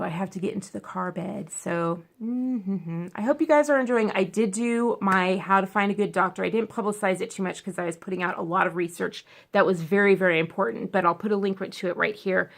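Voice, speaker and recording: Chatty woman vlogger with a gravelly voice. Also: medium pitch. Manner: rambling and chatty, full of tangents and self-corrections; emotional and expressive. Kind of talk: casual chat to camera.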